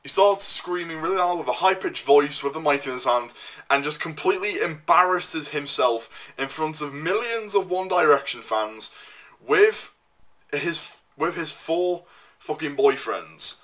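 Young guy, vlog rant, bright tense tone, slightly high, foul-mouthed and repetitive. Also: expressive, a little slow. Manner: swears constantly, repeats himself, loud and worked up. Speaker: vlogger. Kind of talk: profane ranting monologue.

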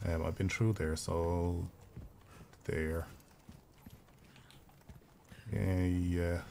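Man, Irish accent, thirties, game streamer, quick chatty swearing, lowish voice, faint background noise. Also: little pitch movement, creaky, darkish tone. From Ireland. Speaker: gaming streamer. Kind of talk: casual live gameplay commentary.

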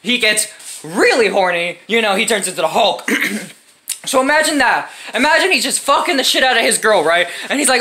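A woman's voice: high-pitched, sing-song, a little fast, sharp tone, a little hiss or hum. A woman vlogger in a casual, rambling comedic rant, swearing a lot and laughing often.

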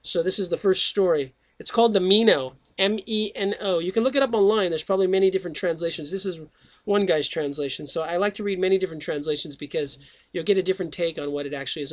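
Rambling high-voiced man hosting a show. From United States. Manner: jokey, rambling, with sudden jumps in loudness. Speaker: radio show host. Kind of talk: casual rambling monologue and book reading.

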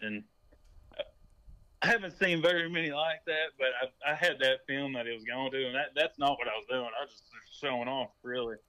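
A man's voice: mid-range voice, steady tone, fairly quick, pushed and bright, no room sound, low-quality recording. A man, chatting easily as a podcast guest. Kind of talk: casual chat.

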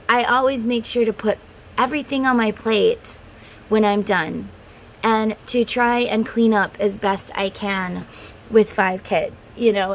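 A woman's voice: mid-range voice, slight background noise, poor audio. A woman in her thirties talking to her viewers in a heartfelt, rambling way, close to tears. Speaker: tarot content creator. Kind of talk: casual monologue to camera.

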